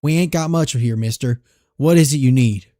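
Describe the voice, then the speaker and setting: A man voicing a frightened frontier settler who pleads to be let go, his voice raised and pitched up. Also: normal speed, warm tone, dry recording, studio quality, close to an everyday voice. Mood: pleading.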